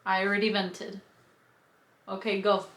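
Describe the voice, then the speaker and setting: A young woman co-hosting a couple's Q&A in casual chat, animated and venting, often laughing. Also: medium pitch, measured pace. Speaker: co-host of couple Q&A. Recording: echoey room.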